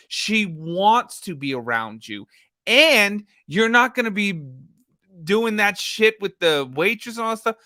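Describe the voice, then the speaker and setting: A man's voice: fairly high pitch, pushed and bright, no room sound, clean studio sound. A man hosting a true crime livestream, talking bluntly and mockingly with lots of swearing. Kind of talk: casual livestream commentary.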